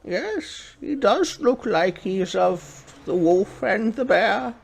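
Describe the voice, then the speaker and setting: A high, creaky old monk. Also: male voice, lively intonation, full character voice. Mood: solemn. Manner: slow, measured pronouncements. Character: frail high-voiced old male monk master.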